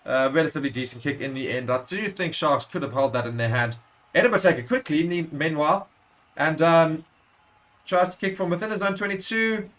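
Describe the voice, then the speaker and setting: Bright-voiced male rugby commentator. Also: on the high side, brisk. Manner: excited, rises sharply at big moments, self-correcting. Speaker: watchalong commentator. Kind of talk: live play-by-play commentary.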